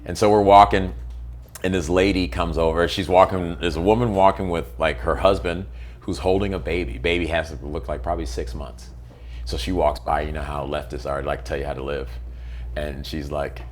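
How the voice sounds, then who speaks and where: A man being interviewed, telling stories in a blunt, animated way and acting out what people said with sudden jumps in pitch and loudness. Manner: acts out quotes with big swings in pitch and loudness; blunt, swears freely. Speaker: interview guest. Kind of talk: animated storytelling in conversation.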